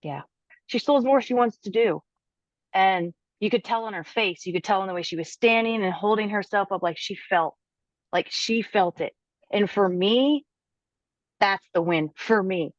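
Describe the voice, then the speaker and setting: A woman personal trainer, a guest on a podcast, telling a client's story with animated quoting. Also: medium pitch, normal speed, no echo, highs cut off. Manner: animated, quotes her client's words aloud.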